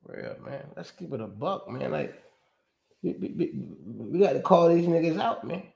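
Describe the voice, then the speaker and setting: Male sports host, fairly high voice, energetic, loose and slangy, repeats his points. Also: moderate pace, gravelly, slightly rough, muffled recording. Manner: animated, slangy and profane, reciting stats with emphatic repeats. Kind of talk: casual sports commentary.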